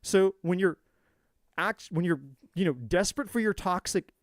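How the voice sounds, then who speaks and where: A man talks to his viewers as a tarot reader in a fierce, preachy monologue, swearing freely and repeating his lines for force. His voice sits a little high for a man. The sound is close and dry, with almost no room echo. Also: animated, normal speed. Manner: intense, profane, preachy, repetitive. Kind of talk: motivational monologue.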